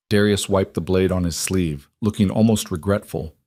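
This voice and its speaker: A man narrating a paranormal romance audiobook in a dramatic, measured way. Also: sits low, darkish tone, no echo, studio quality. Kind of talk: scripted narration.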